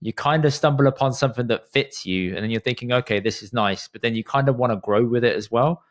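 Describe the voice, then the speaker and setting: A man co-hosting a podcast, chatting in a relaxed, reflective way. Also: medium pitch, quick pace. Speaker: podcast co-host. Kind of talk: casual chat.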